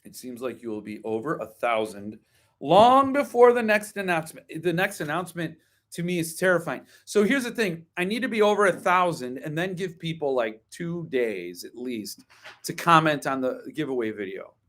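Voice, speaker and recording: This is a man with a slightly high-pitched voice, hosting a casual live stream about books. He chats loosely, full of ums and side remarks. He readily slides into opinionated, wryly grumpy rants. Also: very animated, normal speed, a bit bright. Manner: opinionated, wry grumbling rants; chatty, digresses with ums and asides. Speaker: host.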